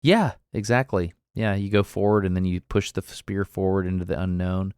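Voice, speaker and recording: A man's voice: deep voice, brisk, darkish tone, smooth, dry recording, clean studio sound. A man with an Alabama accent, a podcast guest in casual conversation, candid and self-deprecating, laughing often.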